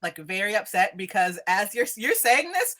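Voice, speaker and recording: A woman's voice: medium pitch, very animated, moderate pace, sharp tone. A woman running a tabletop game as game master, narrating loosely with laughs and rambles.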